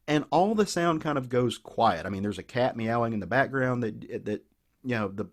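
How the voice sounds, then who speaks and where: A man with a Southern US accent on a podcast, eagerly retelling a comic book story in a rambling, casual way full of restarts. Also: mid-range voice. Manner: enthusiastic, rambling, many restarts. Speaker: podcast co-host.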